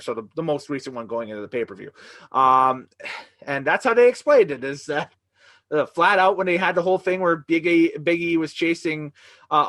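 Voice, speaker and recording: A man's voice: a little high, fairly bright tone. A man hosting a casual review podcast, speaking in an easygoing way that is full of chuckles and hesitant fillers. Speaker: podcast host. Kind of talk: casual wrestling review chat.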